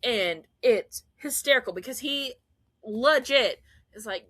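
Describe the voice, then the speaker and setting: Bright-voiced gushing woman podcaster. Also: on the high side, unhurried, no room sound. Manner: animated, gushing, laughs often. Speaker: podcast host. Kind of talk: casual fan recap.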